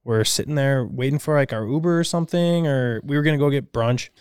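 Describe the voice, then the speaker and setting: A man from Minnesota, co-hosting a podcast, telling a story in an animated, casual way and swearing freely. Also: medium pitch, fairly quick, smooth, no echo, clean studio sound. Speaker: podcast co-host.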